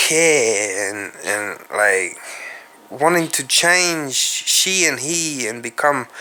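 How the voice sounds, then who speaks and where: A man's voice: medium pitch, bright, forceful tone. An Australian man hosting a solo podcast, rambling and musing aloud, swearing casually and speaking straight to his viewers. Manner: musing, profane, addresses viewers directly. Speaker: podcast host.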